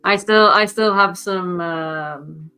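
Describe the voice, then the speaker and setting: A woman's voice: fairly low pitch, takes it slowly, pushed and bright, clean tone. A woman hosting a casual livestream chat, hesitant and full of fillers, laughing often. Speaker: host.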